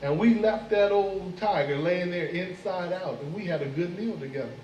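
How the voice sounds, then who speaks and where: A man voicing a swaggering male moth bragging about a wild tale, animated with growled sound effects. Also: high-pitched, normal speed, a little hiss or hum, lightly acted. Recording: echoey room, mic far off.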